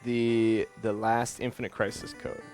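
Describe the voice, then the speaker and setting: A man's voice: medium pitch, little pitch movement, measured pace, a little mellow, soft background music. A man co-hosting a stream, casually passing along viewer comments. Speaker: co-host reading chat. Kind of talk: casual chat.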